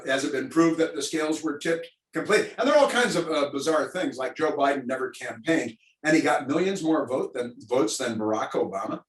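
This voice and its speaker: A male radio talk host gives sarcastic, rambling political commentary, full of ums and restarts. His voice sits at an ordinary middle pitch. He sounds roomy and a little distant from the mic, as on a video call. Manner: sarcastic, rambling, many fillers. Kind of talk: opinionated political commentary to listeners.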